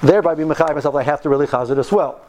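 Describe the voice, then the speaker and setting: A man's voice: fairly high pitch, racing, noisy background. A man in his fifties telling stories in a casual talk, earnest and driving his points home by repeating phrases. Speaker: speaker recounting yeshiva study.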